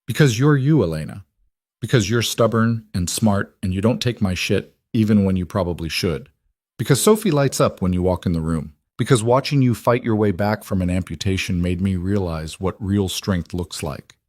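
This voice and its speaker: A man voicing a tender, guarded wealthy single father who speaks in an earnest, gentle, reassuring way. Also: fairly low pitch, normal speed, dry recording, studio quality, natural voice.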